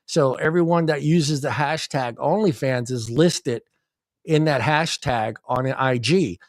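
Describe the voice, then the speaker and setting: A man's voice: mid-range voice, measured pace, no room sound. Joking male host with a dry sound. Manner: loose, joking, laughs often. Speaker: show host. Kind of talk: casual panel chat over video call.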